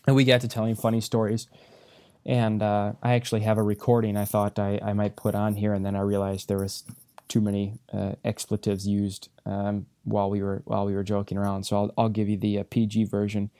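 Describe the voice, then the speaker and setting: A man's voice: on the low side, completely flat delivery, a little fast, mellow, clean tone, dry recording. A man hosting a casual podcast who tells pilot anecdotes in a rambling, good-humored way, with frequent restarts. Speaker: podcast host, airline pilot instructor. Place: hotel room.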